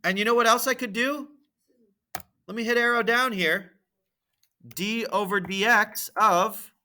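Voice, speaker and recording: A math teacher walking through a graphing problem on screen, thinking aloud and checking in with "right?" and "okay?". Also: male voice, high voice, pushed and bright. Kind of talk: screen-recorded lesson walkthrough.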